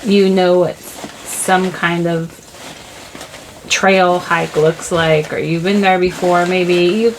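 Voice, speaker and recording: Gravelly-voiced woman giving a tarot reading. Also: fairly low pitch, steady tone, slow pace, a little hiss or hum, poor audio. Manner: rambling, searching for words, full of "like" and "you know". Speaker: tarot reader. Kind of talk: casual spiritual reading.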